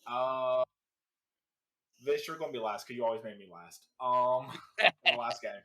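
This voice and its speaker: Excited man running the game. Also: mid-range voice, moderate pace. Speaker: game master. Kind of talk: running a tabletop game over video call.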